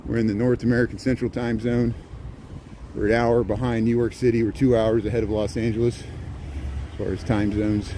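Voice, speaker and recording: Walking a cold, windy street, this man livestreams a casual city tour, rambling and fielding viewer questions along the way. He has a warm, level, mid-range voice, speaks a little fast, and the recording is low quality.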